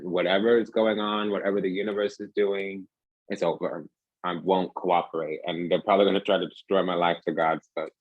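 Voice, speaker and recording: A man's voice: low-pitched, fairly even intonation, moderate pace, slight background noise, rough recording. A man giving a rambling, emphatic casual tarot reading, talking restlessly from card to card. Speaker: tarot reader.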